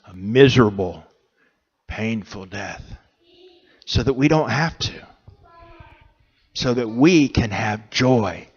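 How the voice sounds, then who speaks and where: Slow, earnest male preacher. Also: on the low side, slightly rough, highs cut off. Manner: slow, earnest, pausing between phrases. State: emotional, choked up. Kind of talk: sermon. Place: church sanctuary.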